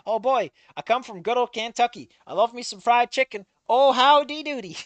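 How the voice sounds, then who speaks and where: A man's voice: extremely high pitch, lively intonation, moderate pace, a bit bright, dry recording, voice pushed up. A man putting on a hokey soldier. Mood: hokey cheer. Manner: exaggerated hokey cheer, mocking parody. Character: folksy southern male soldier, cheery and simple.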